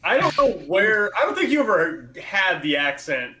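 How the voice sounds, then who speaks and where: High-voiced man, hesitant tabletop player. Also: big pitch swings, moderate pace, crowd noise, poor audio. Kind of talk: casual chat in a tabletop game.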